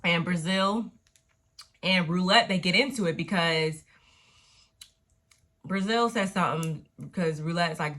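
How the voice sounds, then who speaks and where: A woman recapping a TV episode in a casual, slangy, profane way, with animated retellings. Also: on the low side, measured pace, pauses often. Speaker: TV recap vlogger.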